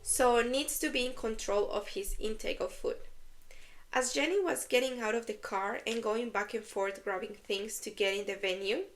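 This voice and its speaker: A woman with a fairly high voice reads an online story aloud as a podcast co-host. She often stops partway through to laugh and explain words to her listener in a relaxed back-and-forth. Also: normal speed, a little hiss or hum. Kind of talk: reading and discussing online stories.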